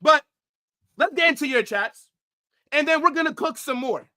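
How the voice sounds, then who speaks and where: A man ranting angrily on a football livestream, profane, swinging from shouts to low mutters. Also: expressive, moderate pace. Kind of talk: livestream rant.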